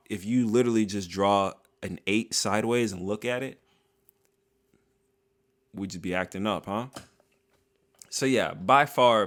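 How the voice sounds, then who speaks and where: A man giving a casual, joking commentary monologue, full of slang and drawn-out asides, as a video creator. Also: medium pitch.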